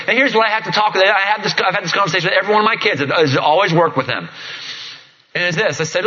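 A man's voice: sits high, lively intonation, quick pace, noisy background. A middle-aged man, a pastor preaching a sermon in a conversational, jokey storytelling manner. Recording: dull lo-fi recording.

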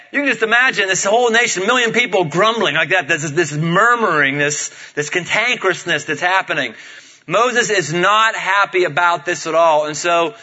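A man's voice: high-pitched, moderate pace, bright, forceful tone. A male pastor preaching a sermon in a conversational, playful way, drawing the congregation into the talk, on a dull lo-fi recording. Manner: conversational and playful, gets the audience to join in.

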